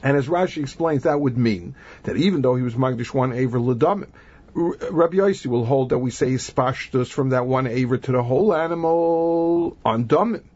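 A man's voice: medium pitch, brisk, a little mellow, husky. A man with a Yeshivish accent teaching a Talmud lesson, reasoning aloud through the argument and using many Hebrew and Yiddish terms. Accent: Yeshivish English. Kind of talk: Talmud lesson, analytical explanation. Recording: dull lo-fi recording.

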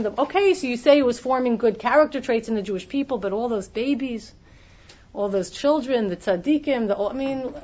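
A woman's voice: on the high side, brisk, a little mellow. A woman giving a Torah class in an explanatory way, often restarting her sentences, on a dull lo-fi recording. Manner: explanatory, many restarts, acts out quoted voices. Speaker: teacher.

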